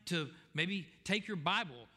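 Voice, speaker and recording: A man's voice: sits high, animated, a little slow, pushed and bright. A male pastor preaching a sermon, telling stories in a folksy way with frequent fillers. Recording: echoey church hall reverb.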